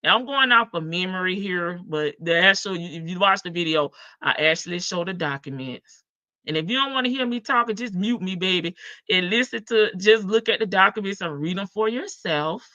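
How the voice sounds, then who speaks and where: A woman's voice: fairly low pitch, normal speed, sharp tone, no room sound, muffled recording. A woman hosting a casual commentary livestream, chatty and sassy, laughing often. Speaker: live-stream host.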